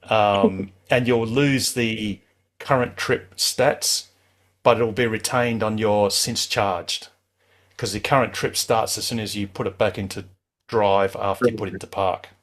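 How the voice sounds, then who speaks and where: Male host, lower register, easygoing and reassuring, restarts a lot. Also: unhurried. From Australia. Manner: relaxed, chatty, reassuring, many restarts. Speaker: club host. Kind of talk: casual advice on a live call-in show.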